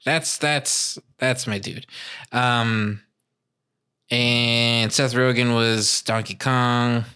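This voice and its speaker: Bright-voiced man in casual chat. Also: medium pitch, very slow, smooth. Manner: animated, slips into mock accents for jokes. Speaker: podcast co-host.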